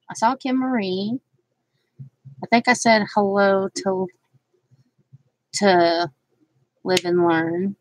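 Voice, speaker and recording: This craft channel host has a mid-range, steady voice and speaks slowly with frequent pauses. Chatting loosely on her casual live crafting stream, she welcomes viewers by name, laughs often, and drifts off into fillers. The recording is rough but has no echo.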